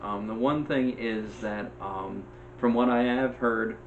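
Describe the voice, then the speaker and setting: A man's voice: lowish voice, steady tone, measured pace, a little hiss or hum. Hesitant man with a slightly dull sound. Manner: hesitant, many ums, agreeable. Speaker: podcast co-host. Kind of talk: casual movie chat.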